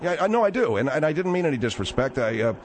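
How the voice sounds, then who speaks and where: A man hosting a call-in radio show, talking in a halting, placating way with many fillers. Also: a little high, sing-song, a little hiss or hum. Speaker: radio talk show host.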